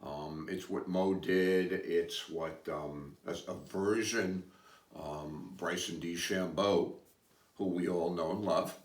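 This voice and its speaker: Man, podcast host, low voice, rambling, hesitant asides, echoey room, a bit off-mic. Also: steady tone, slow, recorded from a distance. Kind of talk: casual storytelling chat. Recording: roomy, away from mic.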